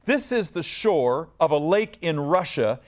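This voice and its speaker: A man's voice: on the high side, big pitch swings, a little slow. A man hosting a school science quiz show on TV, upbeat and coaxing as he reads questions and encourages the students.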